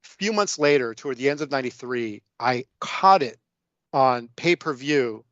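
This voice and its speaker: A man's voice: medium pitch, animated, normal speed, a bit bright, no room sound, muffled recording. Chatty man rambling through a story. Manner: rambling storytelling with many fillers. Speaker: guest film discussant. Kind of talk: casual podcast film chat.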